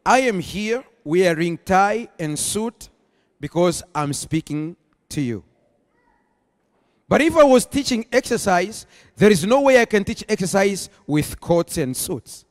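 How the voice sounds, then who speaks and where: A man preaching a sermon as pastor, rising into emphatic bursts and slowing to stress key phrases. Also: high voice, animated. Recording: long hall reverb.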